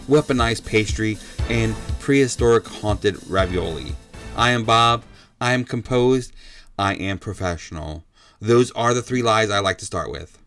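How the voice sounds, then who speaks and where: A man hosts a comedy news show with a deadpan, sarcastic monologue. His voice sits at an ordinary middle pitch and is recorded dry and close. Faint music plays beneath him. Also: dry recording.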